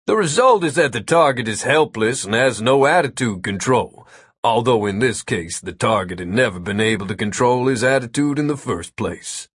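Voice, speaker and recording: A man's voice: mid-range voice, lively intonation, moderate pace, a bit bright, husky, dry recording, clean studio sound. A man voicing a smug male wizard who explains his prank spell in a mocking, lecturing way.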